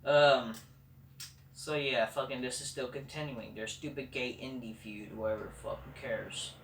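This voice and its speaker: A man's voice: medium pitch, steady tone, a little slow, a little hiss or hum. A man hosting a casual review show, ranting in a sarcastic, profane, dismissive way. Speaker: host. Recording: roomy echo, far from the mic.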